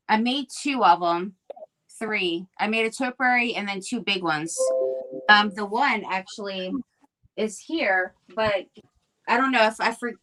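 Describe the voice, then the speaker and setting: A woman's voice: mid-range voice, sharp tone. A woman hosting a live craft stream, chatting in an upbeat way with lots of fillers while she shapes clay. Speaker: craft livestream host.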